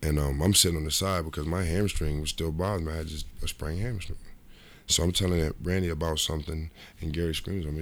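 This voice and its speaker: With a rumbling low voice and a fast delivery, a middle-aged ex-basketball player recounts stories from his playing days in a relaxed interview. He rambles, repeats and restarts himself, and throws in lively quoted asides.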